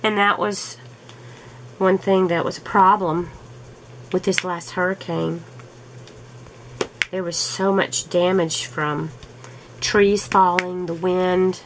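A woman chatting casually at home while she crafts, slow and easygoing, laughing often, her throat a little rough from allergies. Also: on the low side, fairly even intonation, slight background noise, poor audio. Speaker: diamond painting vlogger.

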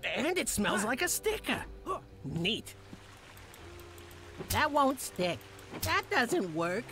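A bemused young dreamer in a video game. He delivers his quips deadpan, yet his pitch moves a lot. His lines are slow, with faint music beneath. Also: exaggerated voice. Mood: wry.

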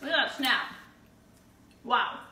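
Chatting with live stream viewers as she fries tortilla chips at home, a giveaway host stays bubbly and whoops often. She speaks slowly in an animated voice on the high side, pushed and bright. She's far from the mic and slightly off it, in an echoey room with faint noise.

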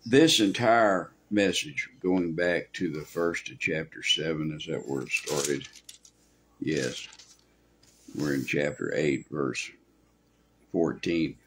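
Very deep gravelly-voiced male preacher. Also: slow, a bit bright, a little hiss or hum. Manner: folksy, rambling, with asides. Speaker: pastor. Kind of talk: sermon.

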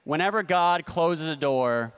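A man doing a stand-up comedy set, with a deadpan, ironic delivery and playful asides to the crowd. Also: fairly high pitch, a little slow, clean tone. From United States. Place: large convention hall stage. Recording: long hall reverb.

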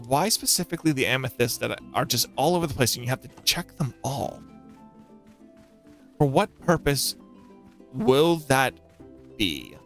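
A man doing a gaming let's play, chattering to himself with jokey, excitable commentary. His voice sits at a middling pitch, with faint music running underneath. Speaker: gaming channel host.

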